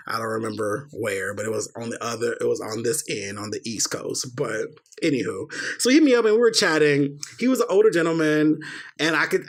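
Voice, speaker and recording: A young man hosts a podcast and tells a personal story in a loose, casual monologue. His voice sits fairly high, and he acts out the other people's lines with swearing sprinkled throughout. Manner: animated, acts out quoted dialogue, swears freely. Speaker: podcast host.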